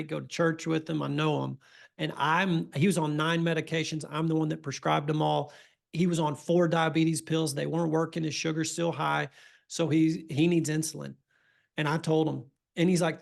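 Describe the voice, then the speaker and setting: Brief: middle-aged man, country doctor, folksy storyteller, gravelly voice, flat delivery. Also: on the high side. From Texas. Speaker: family doctor. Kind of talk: storytelling interview.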